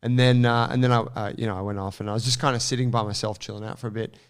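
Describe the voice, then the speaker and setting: Animated man telling a story. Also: mid-range voice, racing, smooth. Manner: animated, swears freely, lots of fillers. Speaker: podcast co-host. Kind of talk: casual storytelling chat.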